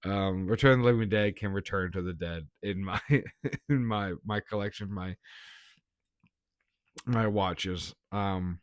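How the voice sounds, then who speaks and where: A man's voice: low-pitched, measured pace, long pauses, no room sound, studio quality. A man giving a casual, blunt movie review, laughing often and swearing.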